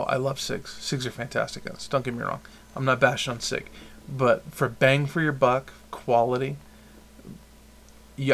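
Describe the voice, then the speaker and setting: A man's voice: medium pitch, creaky, a bit bright, a little hiss or hum. Rambling male podcast host. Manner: rambling, restarts often, opinionated. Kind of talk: casual chat.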